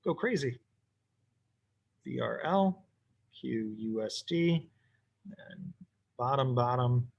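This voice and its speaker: Man, teacher, relaxed recorded lesson, thinks aloud, mid-pitched voice, computer mic. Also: slow, creaky, pauses often, dull audio. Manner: casual, talks to himself while drawing. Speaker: economics teacher. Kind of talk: recorded lesson while sketching graphs.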